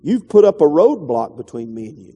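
High-voiced pastor preaching in a reverberant hall. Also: male voice, sing-song, fairly quick, husky, dull audio. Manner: conversational, rambling with restarts and asides. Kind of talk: sermon.

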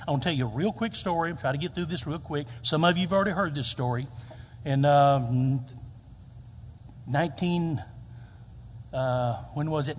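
A man, preaching a storytelling sermon and acting out quoted lines. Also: a little hiss or hum. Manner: storytelling, acts out quoted lines with big pitch jumps. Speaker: pastor. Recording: reverberant hall.

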